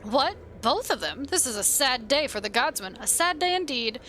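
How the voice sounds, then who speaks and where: A woman's voice: sits high, lively intonation, moderate pace, sharp tone, slight background noise. A woman reading the lines of a stern faction official in a fantasy game, formal and solemn.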